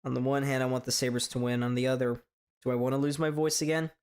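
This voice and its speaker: A man from hosting a live sports reaction stream, chatting casually in a strained, hoarse voice, rambling and stammering through restarts. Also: medium pitch, little pitch movement, quick pace, a little mellow. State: voice straining from shouting. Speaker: sports fan livestream host.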